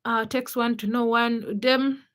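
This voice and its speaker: A young woman whose first language is Ugandan speaks English with a Ugandan accent while hosting a casual livestream. Reading the chat, she greets viewers by name one after another in a chatty way. Her voice is on the high side, steady and measured in pace.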